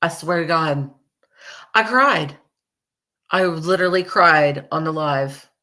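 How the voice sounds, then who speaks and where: Chatty, profane woman host, bright voice. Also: sits low, slow. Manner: chatty, profane, rambling, laughs often. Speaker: true crime podcast host. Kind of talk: casual chat to viewers.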